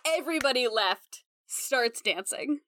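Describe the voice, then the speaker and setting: A young woman running a tabletop game as game master, narrating in an animated way, full of "like" fillers. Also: sits high, a little slow, slight background noise. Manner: animated, lots of "like" fillers, breaks into character voices.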